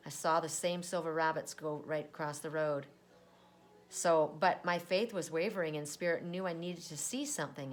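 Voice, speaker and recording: Woman oracle card reader, low voice, chatty and giggly, repeats her stock phrase. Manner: chatty, laughs often, repeats a set phrase. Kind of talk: casual card reading.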